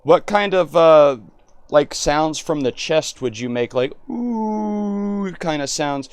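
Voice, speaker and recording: A man on a live stream chatting with an AI, excitable and rambling, often cutting in. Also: fairly high pitch, unhurried, clean tone, dry recording.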